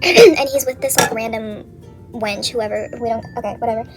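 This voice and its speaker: Young woman, high voice, rambling, swearing, lots of "like", faint music behind. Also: moderate pace. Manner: rambling, swears a lot, heavy use of "like". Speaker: vlogger. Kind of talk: casual chat, retelling a story from memory.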